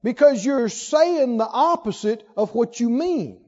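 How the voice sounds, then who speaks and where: A man's voice: extremely high pitch, animated, a little slow, warm tone. A man preaching a sermon who puts rhetorical questions to his congregation. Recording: long hall reverb, dull lo-fi sound.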